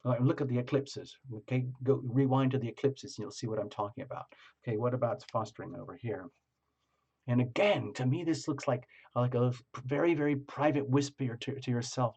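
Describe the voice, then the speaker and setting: A man's voice: medium pitch, brisk, darkish tone, breathy edge. A man giving a casual tarot reading, meandering along and repeating words for emphasis. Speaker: tarot reader.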